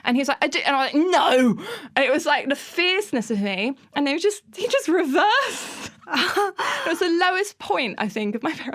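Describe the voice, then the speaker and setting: A woman in her thirties, a podcast guest telling an animated story in casual interview chat, bursting into laughter often. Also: fairly high pitch.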